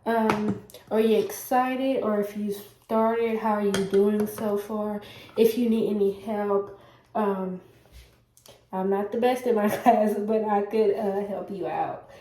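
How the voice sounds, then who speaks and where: A woman's voice: mid-range voice, fairly even intonation, slow, dark tone. Stuffy-sounding woman in an echoey room. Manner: rambling, many fillers and self-corrections; does her hair while talking. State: stuffy, congested. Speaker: vlogger giving work-from-home job advice. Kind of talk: casual chat to camera.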